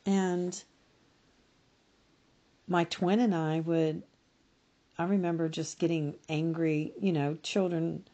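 A middle-aged woman speaking as a podcast guest, giving slow, reflective personal testimony and often correcting herself mid-sentence. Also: on the low side, steady tone, dark tone.

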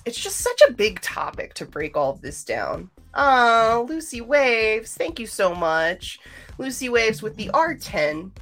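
A woman's voice: low voice, a bit bright. A woman hosting a livestream, chatting casually and rambling straight to her viewers. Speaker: livestream host.

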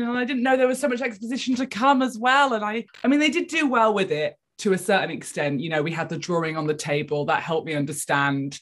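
Expressive woman chatting about TV. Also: a little high. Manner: expressive, opinionated reactions. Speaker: podcast co-host. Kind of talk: casual TV discussion.

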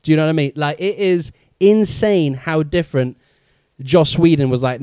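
A man with a slightly raised pitch talking through a film in a casual review chat, enthusiastic and often breaking into laughter. His voice sits close and dry, with no room sound around it. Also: moderate pace, mellow, clean tone, no room sound. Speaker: podcast co-host.

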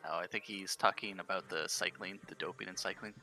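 Bright-voiced man with dry asides. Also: low voice, steady tone, brisk, vocal fry, faint music behind.

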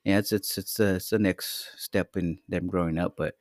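A middle-aged father chatting casually on a podcast, rambling and swearing, often trailing off quietly. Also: deep voice, fairly even intonation, normal speed, dry recording, clean studio sound. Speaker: podcast co-host. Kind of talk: casual chat.

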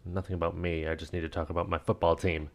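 A man's voice: deep voice, level tone, quick pace. A man hosting a solo podcast in casual chat, rambling emotionally and swearing freely. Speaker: podcast host.

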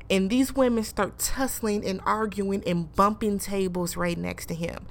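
A woman recapping a reality show in casual commentary, animated and incredulous, acting out what people said and asking rhetorical questions. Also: medium pitch, a little slow, vocal fry, hardly any pauses, slight background noise. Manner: acts out quoted people.

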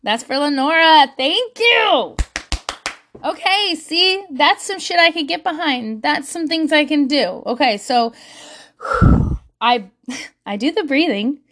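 A woman's voice: high-pitched, animated, takes it slowly, pauses often, fairly bright tone. A woman in her thirties, chatting casually to camera as a parenting vlogger, self-mocking and laughing often.

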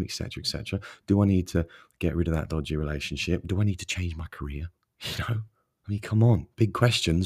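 A man's voice: sits low, darkish tone. A young man hosting a solo motivational podcast, rambling and self-deprecating but encouraging. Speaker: podcast host.

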